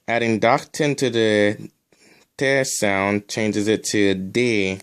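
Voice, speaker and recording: A man's voice: fairly low pitch, fairly even intonation, slow, smooth. A man teaching a recorded language lesson, drilling sounds one at a time and adding casual asides.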